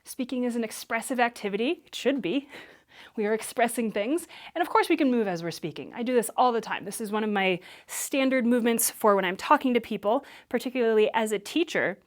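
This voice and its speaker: A woman Alexander Technique teacher who explains and demonstrates movement for public speaking in a clear, patient way. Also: mid-range voice.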